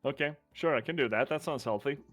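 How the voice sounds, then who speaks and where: A man chatting as a player in a tabletop game, rambling and halting with many restarts. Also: mid-range voice, a bit bright, no room sound, studio quality, faint music behind.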